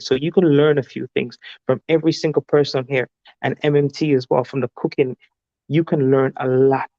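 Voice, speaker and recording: A man speaking as a guest on a livestream panel, giving an earnest, deliberate motivational talk. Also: medium pitch, creaky, a little mellow, no echo, dull audio.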